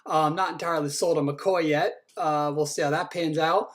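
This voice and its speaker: A man's voice: fairly high pitch, fairly even intonation, moderate pace. A man acting as league commissioner, giving a casual, teasing run through each team's draft picks and swearing now and then. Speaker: fantasy football league commissioner. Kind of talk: casual team-by-team draft rundown.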